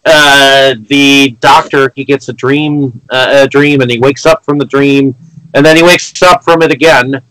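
A man on a casual podcast recapping a film plot, halting, with many fillers and restarts. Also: mid-range voice, steady tone, sharp tone, no echo, rough recording. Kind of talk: casual chat.

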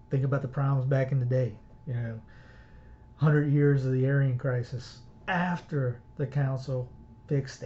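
A man's voice: mid-range voice, dark tone, muffled recording. A man hosting a show who gives casual religious commentary, blunt and exhorting, rambling with restarts.

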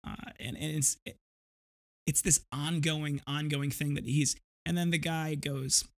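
A man's voice: fairly high pitch, steady tone, unhurried. A man in his thirties hosting a podcast, telling a rambling, vivid story with frequent restarts. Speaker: podcast host. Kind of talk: casual storytelling monologue.

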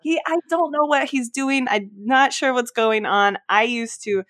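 A woman's voice: fairly high pitch, a little slow, a bit bright, no echo, studio quality. A woman guest on a podcast, chatting casually, laughing often and swearing in exasperation. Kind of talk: casual chat.

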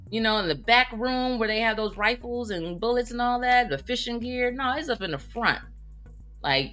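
A woman venting in a casual vlog, telling stories in an animated, exclamatory way with sudden high outbursts. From United States. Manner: animated, exclamatory storytelling with big pitch jumps. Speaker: vlogger. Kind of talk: casual rant to camera.

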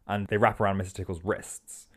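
Low-voiced man riffing comedy. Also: fairly quick, slightly rough. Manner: playful, lively, jumps into silly voices. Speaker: comedy podcast host. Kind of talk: improvised comic storytelling.

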